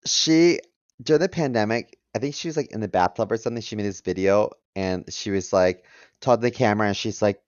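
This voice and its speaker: Man, 30s, comedy podcast co-host, mid pitch, muffled dry recording. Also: fairly quick, no echo. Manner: chatty, joking, reads out a ranked list. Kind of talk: casual comedic chat. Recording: dull dry mic sound.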